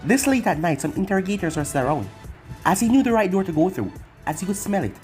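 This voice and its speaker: Lively machine-like story narrator. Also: mid-range voice, fast, faint music behind. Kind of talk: reading fan fiction aloud.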